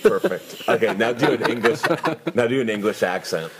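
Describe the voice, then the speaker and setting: A young man co-hosting a casual podcast chat with friends, jokey and quick to drop into cartoon voices. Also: noisy background. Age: young adult. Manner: jokey, breaks into squeaky cartoon voices and laughs. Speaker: podcast co-host.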